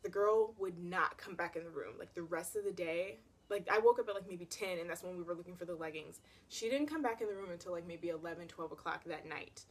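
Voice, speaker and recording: Her voice is low-ish and husky, fairly quick with few pauses, as this young adult vlogger dramatically recounts a personal story. The telling is casual and animated, full of "like."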